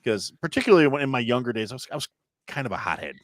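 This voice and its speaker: A man's voice: mid-range voice, big pitch swings, racing, no room sound, studio quality. A man from Illinois, a chef guest on a podcast, telling stories in casual chat and acting out quoted lines. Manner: storytelling, acts out loud quotes.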